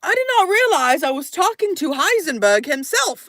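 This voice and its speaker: A woman telling a story to her live audience in a casual, animated way, swearing and acting out the voices in it. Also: sits high, normal speed, few pauses, no echo, clean studio sound.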